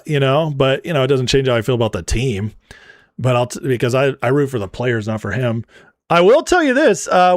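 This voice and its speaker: A man's voice: fairly high pitch, no echo, clean studio sound. Laughing man hosting a livestream. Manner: laughs often, reads super chats aloud. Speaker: livestream host. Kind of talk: casual livestream commentary.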